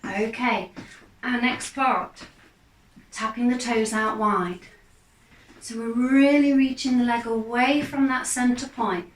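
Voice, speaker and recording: A woman, a fitness instructor, calmly guiding a gentle exercise class with steady, encouraging cues. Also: fairly high pitch. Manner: calm, encouraging, unhurried cues. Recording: echoey room, mic far off.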